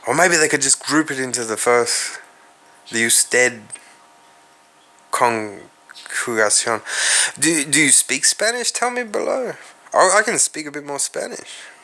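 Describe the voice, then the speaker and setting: Slow, bright-voiced Australian man musing. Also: medium pitch, expressive. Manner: musing, profane, addresses viewers directly. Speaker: podcast host. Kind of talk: rambling solo monologue.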